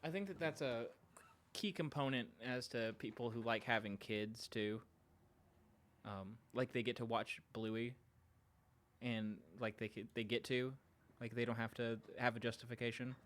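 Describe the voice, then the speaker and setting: At home with his dog, a man who hosts a podcast talks casually to people watching his live stream. He rambles, jokes at his own expense and often drifts off mid-sentence, speaking at medium pitch and normal speed with fairly even intonation and a fairly bright tone.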